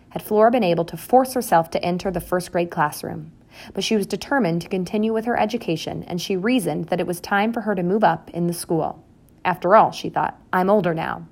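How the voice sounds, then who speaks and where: Low gravelly woman narrator. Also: darkish tone. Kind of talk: audiobook narration.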